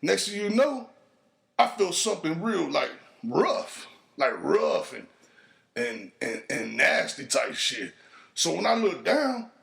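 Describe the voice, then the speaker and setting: A man hosting a podcast, telling a crude street story in a casual, profane monologue and jumping into higher voices for the people he quotes. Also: very animated, slow pace, creaky, fairly bright tone. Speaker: podcast host.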